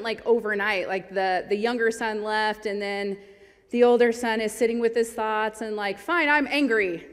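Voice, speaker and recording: A woman giving a sermon in an earnest, conversational way, reading scripture aloud along the way. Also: medium pitch. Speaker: preacher. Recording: long hall reverb.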